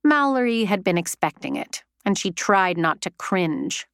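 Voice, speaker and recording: Slow, smooth woman narrating a story. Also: mid-range voice, sing-song, a bit bright, dry recording, clean studio sound. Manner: measured, unhurried storytelling. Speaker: audiobook narrator. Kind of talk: scripted narration.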